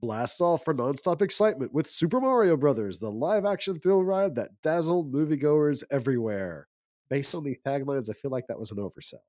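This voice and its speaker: A man's voice: on the high side, lively intonation, fairly quick, a little mellow, dry recording. Wry male podcast co-host, dry sound. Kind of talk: casual podcast chat and reading aloud.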